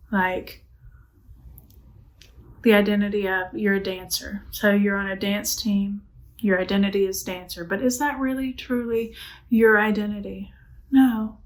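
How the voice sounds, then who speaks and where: A woman's voice: medium pitch, poor audio. A woman teaching a middle school Bible lesson, chatting casually and asking the class questions that she then answers herself. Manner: casual and conversational, with frequent "like". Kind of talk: church youth Bible lesson.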